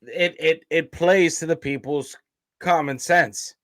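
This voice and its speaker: A man's voice: a little high, takes it slowly, a bit bright. A man co-hosting a reaction video, joking in laid-back slang. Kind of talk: casual reaction chat.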